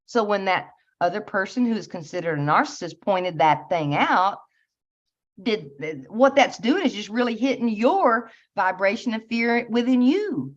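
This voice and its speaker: A woman's voice: medium pitch, animated, measured pace. Earnest woman musing on spiritual growth. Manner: earnest, meandering, with soft laughs and many fillers. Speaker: spiritual channel host. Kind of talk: casual spiritual talk. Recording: slightly dull lo-fi audio.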